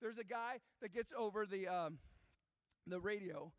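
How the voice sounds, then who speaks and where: A middle-aged man with a high-set voice gives a youth ministry talk to young students. He tells an animated story and keeps turning to question the room. His voice sounds dry and close, with almost no room reflection. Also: a little slow, no echo. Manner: animated storytelling, addressing the kids directly. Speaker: youth pastor. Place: church youth room before a live audience.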